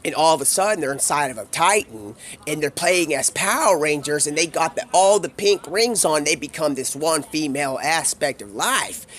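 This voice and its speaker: A man's voice: a little high, lively intonation, moderate pace, fairly bright tone. A man streaming live, telling a rambling, improvised, stream-of-consciousness story full of slang.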